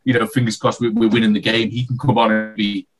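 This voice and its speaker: A man's voice: fairly low pitch, level tone, music in the background. A man co-hosting a casual football podcast, rambling with restarts. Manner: quick, rambling, many restarts. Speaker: podcast co-host.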